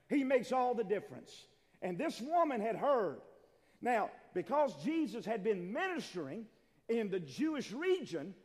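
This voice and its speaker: A man preaching a sermon, swinging between quiet talk and loud, shouted appeals. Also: sits high. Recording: long hall reverb.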